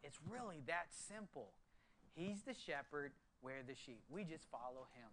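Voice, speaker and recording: Male pastor preaching, high bright voice, drops to hushed earnest tones then bursts with excitement. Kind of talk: sermon.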